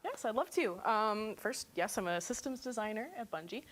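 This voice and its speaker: A woman's voice: fairly high pitch, expressive, normal speed. A woman introducing herself as a developer guest on a livestream, cheerful and slightly nervous. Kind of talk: livestream interview.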